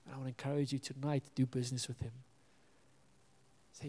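A man's voice: medium pitch, level tone, quick pace, long pauses, dark tone, in a large hall. A man preaching a sermon as pastor, earnest and pleading, sometimes dropping to a near-whisper.

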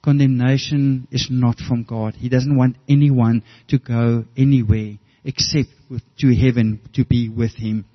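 Brief: middle-aged pastor, mid-pitched, earnest, storytelling sermon with restarts, muffled lo-fi audio. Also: male voice, flat delivery, measured pace, hardly any pauses.

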